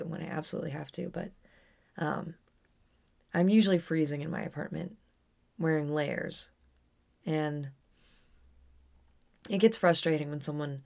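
A young adult woman with a deep, creaky, darkish voice tells a personal story on her podcast. It's a casual storytelling monologue, candid and rambling, with frequent restarts.

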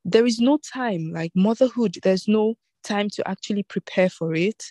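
A woman hosting a casual chat, lively and full of fillers, inviting her guests to share. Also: mid-range voice, normal speed, no echo.

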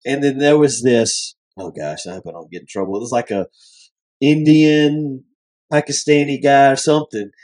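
A man's voice: medium pitch, normal speed, a little mellow. A man co-hosting a podcast who tells a story in a hesitant, giggly way. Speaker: podcast co-host. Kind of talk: casual storytelling.

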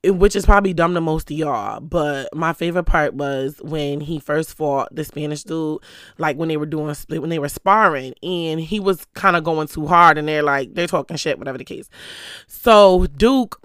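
A vlogger chatting to the camera about recent outings, swearing freely and telling stories in an animated, gossipy way, close to a stand mic in a small room. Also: mid-range voice, normal speed, clean tone, no echo. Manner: animated, profane, gossipy storytelling. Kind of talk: casual chat to the camera. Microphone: stand mic close to the speaker.

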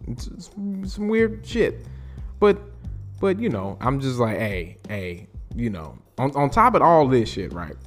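A man's voice: mid-range voice, huge pitch swings, measured pace, soft background music. A man hosting a podcast, casually recapping a TV episode with lots of profanity, fillers and restarts. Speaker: podcast host. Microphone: podcast mic.

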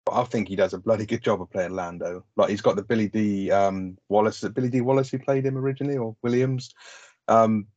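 Fast-talking, deep-voiced man. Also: steady tone, darkish tone, no echo, lo-fi sound. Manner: rambling, sweary, lots of "like". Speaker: podcast co-host. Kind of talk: casual film review chat.

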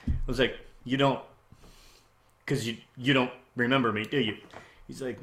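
A man in casual conversation, an animated storyteller who laughs often and jumps into loud, excited voices when quoting. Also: medium pitch, brisk, long pauses. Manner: laughs often while talking.

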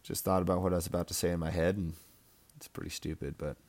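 A man's voice: low-pitched, little pitch movement, fast talker, darkish tone. A young man giving a casual, rambling fantasy football recap, full of trash talk and laughter. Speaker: fantasy football league member.

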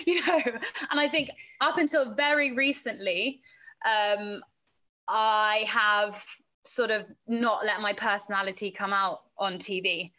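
Bright-voiced chatty woman. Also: mid-range voice, fairly even intonation, a little slow. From England. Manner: chatty, laughs often, acts out quoted voices. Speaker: sports presenter and reporter, podcast guest. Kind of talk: casual interview answers.

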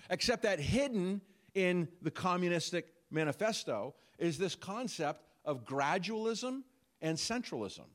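Animated male preacher, lively pitch. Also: measured pace. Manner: animated preaching with rhetorical questions. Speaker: pastor. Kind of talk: sermon.

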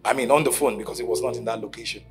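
A man preaching a sermon at a conference, telling stories and acting out the quotes, from shouting to near whispers. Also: mid-range voice, fairly even intonation, rapid-fire. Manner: dramatic storytelling, acting out quotes, swinging from shouts to hushed lines. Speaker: pastor. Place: conference stage.

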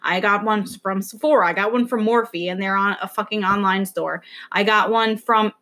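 A woman's voice: medium pitch, fairly even intonation, moderate pace, bright, forceful tone. A young woman from the New York area, co-hosting a podcast in casual chat, rambling anxiously and swearing now and then. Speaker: podcast co-host.

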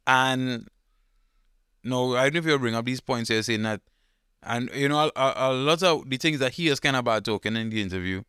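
Smooth-voiced man, relaxed chat. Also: mid-range voice, no echo, clean studio sound. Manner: relaxed, rambling, drawn-out thinking aloud. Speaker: podcast co-host. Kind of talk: casual chat.

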